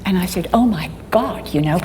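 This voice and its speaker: An older woman speaking at a conference, telling a personal story in a halting way, often restarting her sentences. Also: on the low side, lively intonation, darkish tone. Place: conference hall. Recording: long hall reverb, faint background noise.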